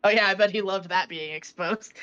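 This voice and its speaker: A woman's voice: mid-range voice, a little fast, sharp tone. Chatty woman player on a dull mic. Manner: joking, chatty. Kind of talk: casual tabletop play.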